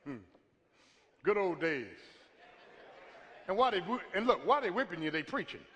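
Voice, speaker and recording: A man preaching a sermon as pastor, calling for a witness from the congregation, swinging from shouts down to a hush. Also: sits high, very animated, moderate pace, a little hiss or hum. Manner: call-and-response preaching, asks for a witness; builds to shouts, then drops to a hush. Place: church sanctuary. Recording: long reverb from a large hall.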